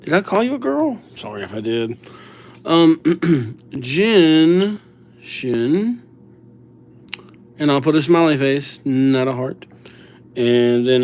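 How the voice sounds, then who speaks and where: A man's voice: on the high side, big pitch swings, takes it slowly, long pauses. Chatty young man on a livestream. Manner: chatty, self-mocking, reads viewer names aloud, acts out little scenes. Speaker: livestream calligrapher. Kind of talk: casual livestream chat with viewers.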